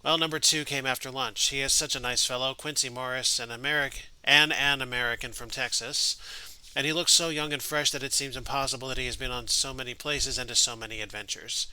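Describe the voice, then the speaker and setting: A man's voice: mid-range voice, steady tone, fairly quick, sharp tone, clean tone, no echo, poor audio. A man reading as a gushing young letter writer. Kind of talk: reading game text aloud.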